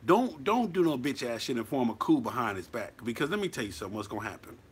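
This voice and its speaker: A man's voice: mid-range voice, very animated, fast talker, husky. A man giving blunt, profane, preachy advice as a motorcycle club member in a casual monologue.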